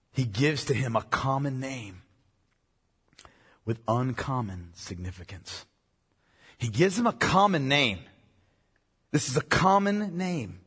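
A male pastor preaching a sermon, emphatic, repeating key phrases and dropping low for weight. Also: a bit bright, slightly rough. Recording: long reverb of a large hall.

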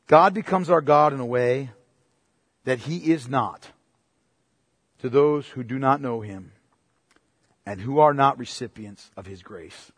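Recorded cleanly in the studio with no echo, this pastor preaches in an animated voice. Addressing his listeners as "beloved," he challenges them with pointed questions, building to forceful, emphatic preaching before easing into a low, slow delivery.

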